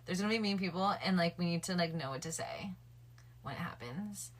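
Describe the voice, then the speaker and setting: Late at night, a woman livestreams and chats casually with her viewers, thinking out loud and addressing her chat directly. Her voice is lowish and her pace brisk.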